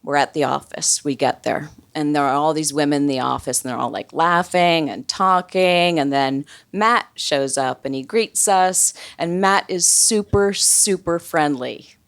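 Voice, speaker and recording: A woman's voice: low-pitched, unhurried, hardly any pauses, fairly bright tone, clear, resonant tone. A woman telling a personal story live on stage, wry and conversational, with many casual fillers.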